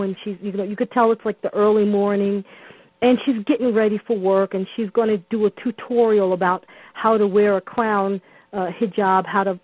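A woman with a mid-range voice calls a radio program and tells a story in a chatty style, full of ums and restarts. The phone line sounds tinny and dry, with no echo.

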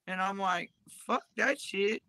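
A woman's voice: mid-range voice, slow pace, bright, forceful tone, no room sound. A woman livestreaming, talking in a crude, profane, drawling ramble.

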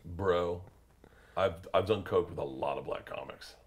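A man who is a stand-up comedian, telling a wild story in an interview, swearing freely and rising into loud, excited shouts. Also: low voice, unhurried, crowd noise. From United States. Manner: profane, excitable, jumps into loud shouted bits when telling stories. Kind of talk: animated storytelling.

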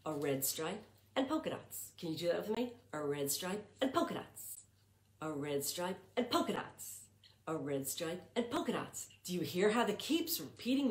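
A woman's voice: lowish voice, roomy sound. Woman reading to kids in sing-song. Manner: sing-song, repeats patterns, asks questions to children. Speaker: children's librarian. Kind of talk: reading a picture book aloud to young children.

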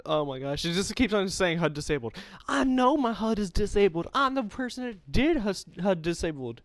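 Excitable young man gaming. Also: sits high, moderate pace, dry recording. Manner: excitable, pleading and yelping in bursts. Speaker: gamer. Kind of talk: casual gaming commentary.

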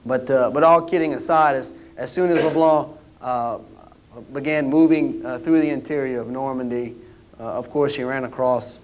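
Brief: man, historian, folksy storytelling lecture, middle pitch. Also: normal speed, slight background noise. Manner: folksy, anecdotal, with many "uh" restarts. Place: lecture room at a history roundtable.

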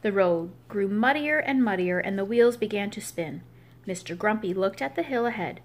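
Lively woman reading a picture book aloud. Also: medium pitch, normal speed. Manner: expressive, gives each animal its own voice. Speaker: storybook reader.

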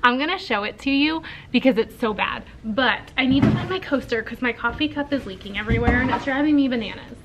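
A woman's voice: sits high, expressive, fast talker, hardly any pauses, noisy background. A young woman teacher chatting casually to camera for her vlog, upbeat and self-mocking, her nose sore and stuffy after surgery. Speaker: teacher and vlogger.

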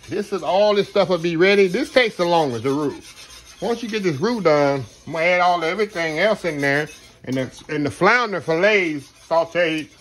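A middle-aged man walks viewers through a recipe in a folksy, rambling way. His voice sits a little high for a man. Faint kitchen sounds run behind him. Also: a bit bright, a little hiss or hum. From Texas. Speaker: home cook host. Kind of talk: casual cooking demonstration.

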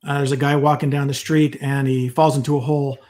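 A man's voice: medium pitch, level tone, a little fast, a little mellow. A man, a psychologist, giving an earnest, enthusiastic devotional fireside talk with casual asides and a personal testimony.

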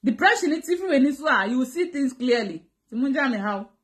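A woman with a Ghanaian accent on a live stream, answering viewer comments in an animated, dramatic way and switching between two languages. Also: high voice, moderate pace.

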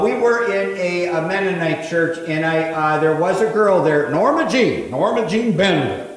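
A middle-aged man, a pastor preaching a sermon, rising to emphatic preaching with quick asides. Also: a little high. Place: church sanctuary. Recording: echoey hall.

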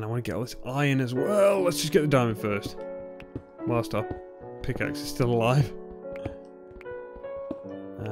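Jumpy young man gaming. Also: medium pitch. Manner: jumpy, nervous, bursts into excited shouts. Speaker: gaming YouTuber. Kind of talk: Let's Play commentary.

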